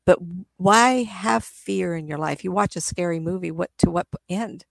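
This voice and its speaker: Middle-aged psychic lady, bit of fry in her voice, chats away and does little spirit voices, dry close sound. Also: fairly low pitch, moderate pace, no echo. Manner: chatty, acts out voices of spirits with gasps and laughs. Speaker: psychic medium guest. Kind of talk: casual interview talk.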